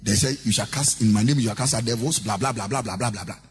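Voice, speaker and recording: A man's voice: lowish voice, quick pace. A male pastor preaching a sermon in a sing-song cadence, repeating lines for emphasis. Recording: long hall reverb with faint hip hop music.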